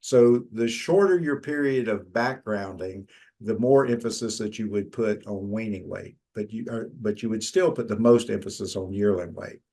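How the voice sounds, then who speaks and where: A man's voice: fairly low pitch, normal speed, darkish tone. A middle-aged man, giving a conversational lecture from slides, with frequent fillers and restarts. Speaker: extension lecturer.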